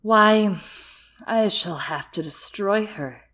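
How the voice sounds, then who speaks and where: A woman reading aloud as a cold, scheming mother who gives loud, imperious commands. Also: mid-range voice, slow, voice pushed up. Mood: triumphant.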